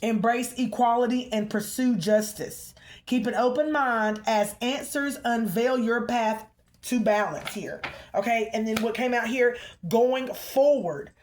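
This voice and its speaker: Emphatic higher-voiced woman giving a spiritual reading. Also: unhurried, darkish tone. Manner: emphatic, repeatedly checks in with "okay?"; calls out to the ancestors mid-reading. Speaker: spiritual reader.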